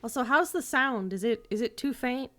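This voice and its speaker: A woman's voice: fairly high pitch, moderate pace, a bit bright, faint music behind. A woman streaming a game, chatting casually and jokily while thinking aloud. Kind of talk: casual live-stream gameplay chat.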